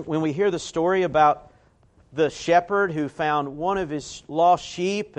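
A man preaching a sermon as pastor, in a folksy, conversational way that climbs to emphatic peaks. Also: fairly high pitch.

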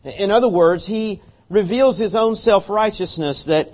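A man's voice: high voice, a little slow. A man preaching a sermon, telling a story earnestly and animatedly, often restarting his words. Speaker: pastor. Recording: dull lo-fi sermon recording.

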